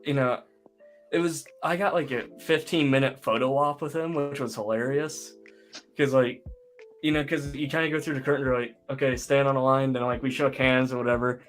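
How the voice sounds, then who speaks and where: A man's voice: medium pitch, steady tone, a little fast, soft background music. A man co-hosting a casual online chat show, telling a long story with lots of fillers. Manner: rambling storyteller, many fillers. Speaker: podcast co-host.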